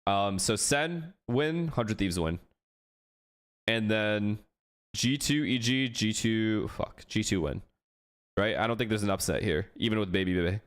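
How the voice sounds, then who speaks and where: A man's voice: lowish voice, a little slow. A man hosting a watch party, chatting casually and bluntly calling match winners. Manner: blunt, offhand predictions. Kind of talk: casual chat with profanity.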